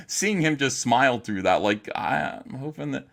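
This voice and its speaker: A man's voice: lowish voice, animated, a little fast. A man hosting a livestream, talking in a heated, profane, emphatic way while ranting and reading chat. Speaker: livestream host.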